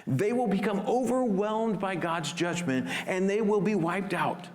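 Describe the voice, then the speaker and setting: A man preaching a sermon as pastor, expressive and sometimes dropping to a hush for emphasis. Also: sits high, measured pace, long reverb tail.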